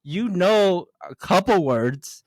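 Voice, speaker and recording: A young man with a high, lively voice that jumps around, laughing and swearing as he jokes with a friend. He argues a point stubbornly in casual podcast chat. The sound is dry and close. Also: slow, dry recording. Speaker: podcast co-host. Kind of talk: casual banter.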